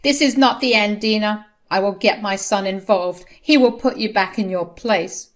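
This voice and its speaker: A woman's voice: sits high, lively intonation, unhurried, voice pushed up. A woman voicing a whiny, scheming older mother-in-law who pleads and wails. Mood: defiant. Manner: pleading, wailing.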